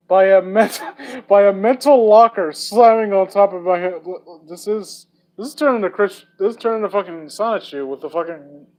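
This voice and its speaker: A man's voice: a little high, a little mellow, poor audio. A young man reading fan fiction aloud for laughs, with sarcastic, profane asides. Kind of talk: comedic dramatic reading with commentary.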